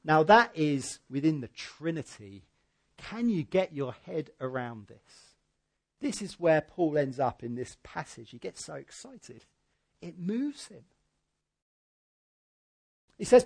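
A man preaching a sermon in church, swinging from loud emphatic peaks to quiet, low asides. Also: big pitch swings, takes it slowly, gravelly, pauses often. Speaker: pastor.

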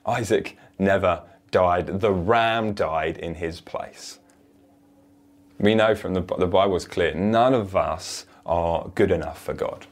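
Male preacher, lower pitch, earnest, emphatic sermon delivery. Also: takes it slowly.

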